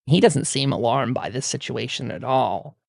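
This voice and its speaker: Gravelly man running a tabletop game. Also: medium pitch, moderate pace, no room sound, clean studio sound. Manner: relaxed, many fillers, laughs while describing. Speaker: game master.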